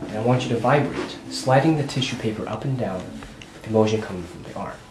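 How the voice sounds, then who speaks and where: A man acting as a music instructor, calmly guiding a beginner step by step. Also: on the low side, brisk. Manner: calm, gently directive. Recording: roomy echo, distant mic, background hiss.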